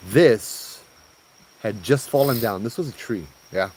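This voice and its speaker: A man with a fairly low voice tells an animated, casual ghost story on a forest trail at night. He drops slang and laughs now and then as he talks. Crickets and insects chirp faintly behind him. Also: a little slow, a little hiss or hum, low-quality recording. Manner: animated, laughs while telling, uses slang like bro. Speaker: ghost tour guide telling a story.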